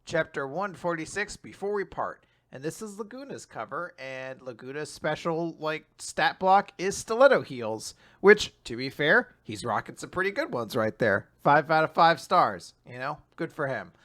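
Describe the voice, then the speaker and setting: A man talks through comic chapters with a co-host, his voice a touch high and very bright. He laughs often and breaks into mocking quoted lines, dropping casual swears along the way. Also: lively intonation, normal speed, hardly any pauses. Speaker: podcast co-host. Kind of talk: casual chat.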